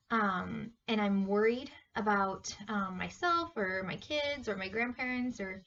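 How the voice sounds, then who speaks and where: A woman teaching Sunday school, reading a Bible story to children in an animated, questioning way. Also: medium pitch, measured pace, few pauses, recorded from a distance, lo-fi sound. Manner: animated, questioning, talks to kids directly.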